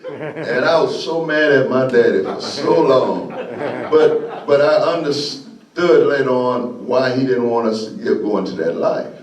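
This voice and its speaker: A man's voice: medium pitch, a little slow, far from the mic. Older man telling stories, echoey room. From Florida, USA. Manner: folksy, animated, laughs often. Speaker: guest speaker. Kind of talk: storytelling speech. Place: meeting hall.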